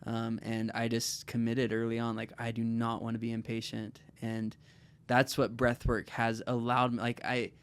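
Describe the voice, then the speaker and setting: Smooth-voiced man, reflective podcast guest. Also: mid-range voice, completely flat delivery, moderate pace, few pauses. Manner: reflective, hesitant, many "like" and "um" fillers. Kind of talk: casual podcast conversation.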